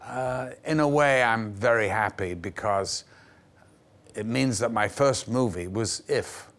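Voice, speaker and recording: A man's voice: on the low side, takes it slowly, a bit bright. Older man telling stories with relish. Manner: vivid, acts out the voices in his stories. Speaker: actor guest. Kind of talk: anecdotal storytelling in a TV interview. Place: television studio.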